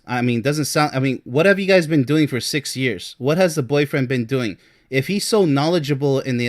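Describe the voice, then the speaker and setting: Emphatic man coaching on relationships. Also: fairly high pitch. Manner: emphatic, fires rhetorical questions, laughs in disbelief. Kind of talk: advice commentary on a reader's letter.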